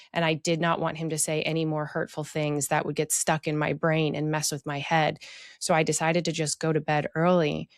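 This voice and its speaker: A woman's voice: deep voice, smooth, no room sound, clean studio sound. A woman telling a personal story of emotional abuse in a candid, reflective way, with many fillers. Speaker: podcast guest sharing her story.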